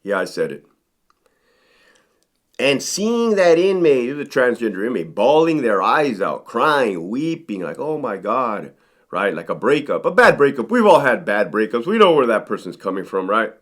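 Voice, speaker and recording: A man's voice: medium pitch, very animated, moderate pace, fairly bright tone. A man, a former correctional sergeant, telling stories to the camera in a conversational way, often tagging his sentences with "right?". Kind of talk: storytelling to camera.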